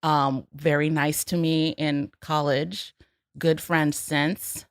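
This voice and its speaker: A woman in her forties hosting a podcast in casual chat, bubbly and animated, laughing often. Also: low voice, slow, dry recording, studio quality. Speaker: podcast host. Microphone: studio microphone.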